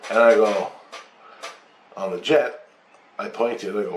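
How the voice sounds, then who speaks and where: Low-voiced man, casual profane storyteller, echoey room. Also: a little slow, long pauses. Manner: rambling, profane, animated retelling with acted-out quotes. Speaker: channel host. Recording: echoey room with faint noise.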